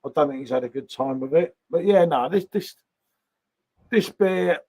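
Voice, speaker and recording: Gravelly, husky man chatting on a live stream. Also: fairly high pitch, moderate pace, a little mellow. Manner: chatty, tags questions onto remarks. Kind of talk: casual live-stream chat. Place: home sitting room.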